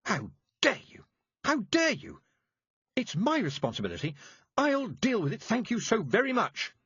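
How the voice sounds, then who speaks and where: Fiery, stubborn young witch girl from a storybook, pitched very high and swooping, as a male narrator acts her out. She answers back indignantly, with a husky grain. The sound is dry and a little dull. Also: wildly swooping pitch, normal speed, fairly bright tone, dry recording, exaggerated voice. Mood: defiant.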